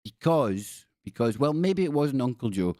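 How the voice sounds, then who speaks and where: A man's voice: medium pitch, big pitch swings, normal speed, warm tone, dry recording, studio quality. A man hosting a casual livestream, reading viewer stories aloud with playful, rambling asides and jokey spooky voices. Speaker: livestream host.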